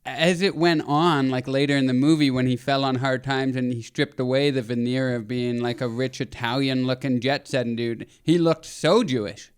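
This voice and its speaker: Smooth-voiced man in relaxed chat. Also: mid-range voice, normal speed, hardly any pauses. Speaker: podcast co-host. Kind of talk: casual chat.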